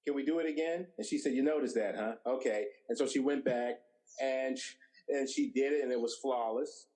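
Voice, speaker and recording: Speaking a little fast, a middle-aged director tells stories in an interview and acts out what people said. His voice is medium in pitch and the recording is rough.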